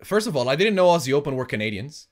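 A man's voice: fairly high pitch, very animated, quick pace. A man hosting a casual podcast chat, asking teasing, playful questions of his guest. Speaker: podcast host and wrestling trainer.

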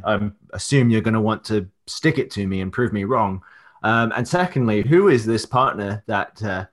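A man on a casual podcast, a wrestler chatting loosely as he reels off an upcoming match card with plenty of fillers. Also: fairly low pitch. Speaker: wrestler and promoter guest.

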